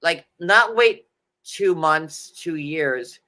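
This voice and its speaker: A man's voice: a little high, lively intonation, a little slow, sharp tone. A man with a New York accent, co-hosting a casual recap chat, rambling with fillers and jokey asides. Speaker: podcast co-host.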